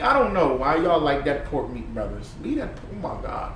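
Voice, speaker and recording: Animated high-voiced man preaching in an echoey room. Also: moderate pace, few pauses. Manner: animated, preachy and profane, laughing often. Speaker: online commentator. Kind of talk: reaction commentary on played clips. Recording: echoey room, far from the mic, faint noise.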